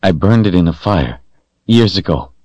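A man's voice: low-pitched, lively intonation, normal speed, a little mellow, no room sound, dull audio, voice pushed up. A man voicing a terrified young male captive under torture who talks in a fearful, strained, pleading way.

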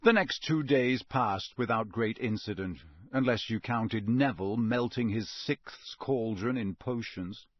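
A man's voice: medium pitch, a little slow, few pauses, no room sound. Man narrating an audiobook, dry sound. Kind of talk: scripted narration.

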